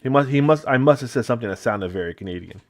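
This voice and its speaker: A middle-aged man from upstate New York talks casually as he paints miniatures. His voice sits at an ordinary pitch, and he wanders into rambling, chatty asides. He sounds like a relaxed hobby host walking through his technique. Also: racing. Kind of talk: casual chat while painting.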